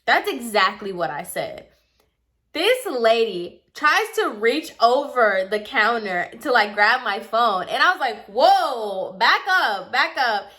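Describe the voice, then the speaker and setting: A woman with a bright, forceful voice tells a storytime in a chatty, exasperated way. She acts out both sides of the argument with quoted lines. Her pitch sits a little above the usual for a woman. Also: sing-song, unhurried. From Puerto Rican heritage. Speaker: lash tech telling a client story. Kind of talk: casual storytime vlog.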